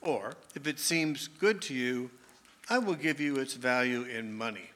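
Man, reading scripture aloud, slow, deliberate, bright voice. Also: mid-range voice. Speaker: congregation member reading scripture.

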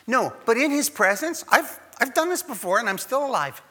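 A high, lively male voice preaching a conversational sermon, now and then acting out the people he quotes. His tone is bright and a little husky. A long hall reverb trails after his words. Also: moderate pace. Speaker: pastor.

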